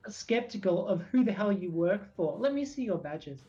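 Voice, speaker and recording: A woman playing in character at a tabletop game, talking in an indignant, rapid rant. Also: medium pitch, lively intonation, mellow, highs cut off. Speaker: player. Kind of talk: in-character tabletop role-play.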